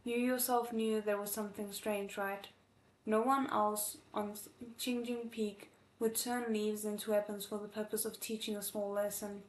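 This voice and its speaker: A woman reading the lines of a firm young female disciple who scolds in a steady, stern way. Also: medium pitch, normal speed, lightly acted. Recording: echoey room.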